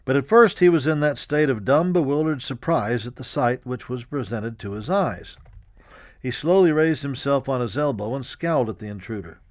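A man reading a history audiobook in a measured, even storytelling manner. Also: medium pitch, dry recording, studio quality. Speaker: narrator. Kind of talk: scripted audiobook narration.

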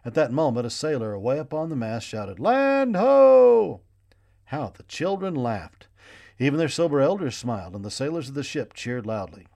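A man narrating a children's storybook in an expressive, gently paced reading voice. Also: mid-range voice, brisk.

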